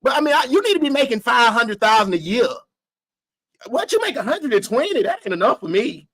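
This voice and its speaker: A man's voice: extremely high pitch, sing-song, fairly quick, a bit bright, full character voice. A man mimicking a sassy partying single woman. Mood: sassy boastful. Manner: sassy, boastful, laughing. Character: sassy single woman in her forties who brags about partying.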